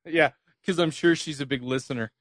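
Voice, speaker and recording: A man's voice: a little high, fairly quick, fairly bright tone, no room sound. A man co-hosting a podcast in casual chat, laughing often and teasing his co-host.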